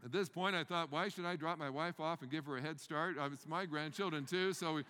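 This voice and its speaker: Animated older man telling a story in a hall. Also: a little high, fairly quick, clean tone. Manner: animated, acts out the panicked scenes loudly, stammers and repeats words. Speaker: speaker telling a personal story. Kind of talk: humorous storytelling talk.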